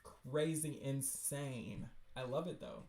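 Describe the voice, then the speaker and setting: A woman hosting a livestream, chatting excitedly and cutting in with quick asides while reading webcomics. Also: very deep voice, reverberant. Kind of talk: casual livestream chat.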